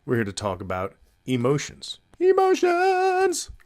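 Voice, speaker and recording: Low-voiced guy lecturing on psych, dry close sound, deadpan little jokes. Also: normal speed, dry recording. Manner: wry asides in an explanatory delivery. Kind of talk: recorded video lecture.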